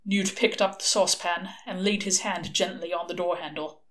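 A woman's voice: fairly low pitch, fairly even intonation, moderate pace, a bit bright. A woman reading a novel aloud, telling the story expressively. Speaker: audiobook reader.

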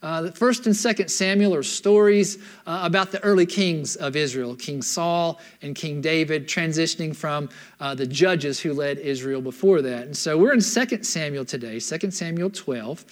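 A man with a notably high voice delivers a sermon as a pastor, telling an old scripture story in casual, everyday language. He keeps checking in with his listeners as he goes. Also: normal speed. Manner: animated storyteller, checks in with the room.

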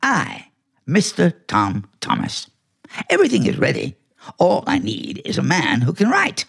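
A man's voice: fairly high pitch, wildly swooping pitch, a little slow, creaky, a bit bright, slightly rough, exaggerated voice. An actor playing a clever, bossy talking male house cat in a 1940s radio play, smug and theatrical. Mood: scheming.

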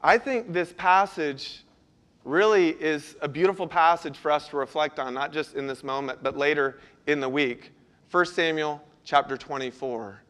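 A man delivers a sermon in a noticeably high, light voice. He talks to the congregation in an earnest, conversational way, often stopping to put questions to them. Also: normal speed, fairly bright tone. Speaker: pastor.

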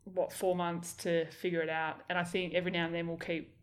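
A young Australian woman hosting a casual interview, chatty and quick to laugh. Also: lowish voice, little pitch movement. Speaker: podcast host.

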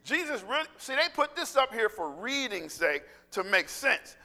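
A man preaching a sermon in a large church hall, excitable and animated, tripping over his words as he builds up. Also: very high voice. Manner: excitable, animated, with quick restarts and laughter. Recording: echoey hall with long reverb.

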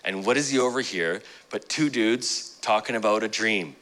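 A man's voice: on the low side, normal speed, fairly bright tone, rough recording. A male pastor preaching a sermon in a joking, conversational storytelling way.

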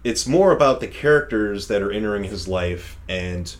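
A young man with a fairly low voice chats casually about a movie, rambling from one thought to the next. He laughs often and swears without a second thought. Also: expressive, moderate pace. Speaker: podcast co-host reviewing a movie. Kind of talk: casual chat.

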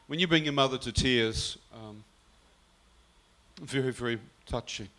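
A man tells his own story in a bright, forceful voice. He speaks earnestly and slips into his mother's words as he recounts them. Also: medium pitch, unhurried. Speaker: guest telling his testimony. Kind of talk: personal storytelling.

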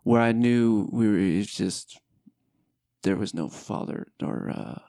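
A middle-aged man hosts a casual family chat, telling stories in a candid, reflective way. His voice has a gravelly edge, and the dry room gives it a close sound. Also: fairly low pitch, slow, mellow, no echo. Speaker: podcast host.

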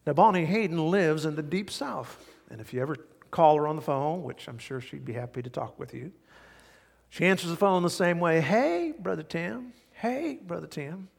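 A middle-aged male pastor preaching a sermon, telling stories with big swings from hushed to loud. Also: fairly high pitch, fairly quick, creaky. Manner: animated storytelling, swings from quiet to loud. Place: large church hall. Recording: hall reverb.

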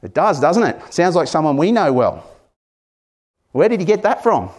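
A man's voice: on the high side, very animated, normal speed, a little mellow. A man with an Australian accent preaching a sermon in an earnest manner that builds to emphatic passages.

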